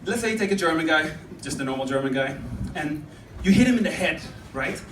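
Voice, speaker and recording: A man's voice: fairly high pitch, animated, fairly quick, a bit bright. Young man doing stand-up in a roomy club. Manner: rambling, chatty, laughing at own jokes. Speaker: stand-up comedian. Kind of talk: stand-up comedy set. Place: comedy club stage. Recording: roomy club sound from a distance with crowd noise.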